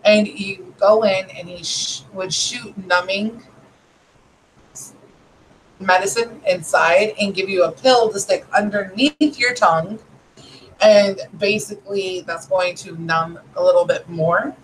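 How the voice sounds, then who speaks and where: A woman's voice: medium pitch, slow pace, slight background noise, poor audio. A woman in her thirties casually telling a story, rambling and retelling a conversation with lots of "he goes". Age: 30s.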